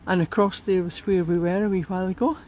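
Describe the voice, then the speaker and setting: A woman with a Scottish accent chatting while out walking in a riverside park, unhurried and a little out of breath. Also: lowish voice, fairly even intonation, darkish tone, a little hiss or hum, poor audio. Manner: chatty, unhurried, talks to her dogs. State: slightly out of breath. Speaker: vlogger. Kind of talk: casual walking commentary.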